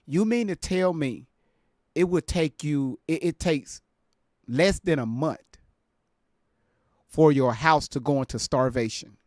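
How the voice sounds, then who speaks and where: A man hosting a live stream from home, casually reacting to a clip, incredulous and quick to laugh. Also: fairly high pitch, no echo, studio quality. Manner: laid-back, incredulous, laughs easily.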